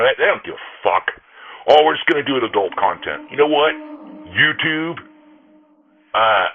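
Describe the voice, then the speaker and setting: Male host, rambling angry rant, lively pitch. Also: breathy edge, muffled recording. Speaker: podcast host. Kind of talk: ranting monologue.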